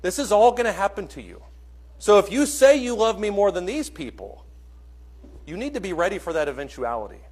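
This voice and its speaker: A man preaching a sermon in a church, earnest and questioning, swinging between soft and loud. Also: high voice, very animated, a little fast.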